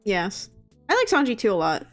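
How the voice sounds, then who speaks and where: A woman's voice: mid-range voice, wildly swooping pitch, normal speed, soft background music. A woman chatting casually on a stream, talking in loose runs with many fillers and restarts. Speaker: guest. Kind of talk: casual chat.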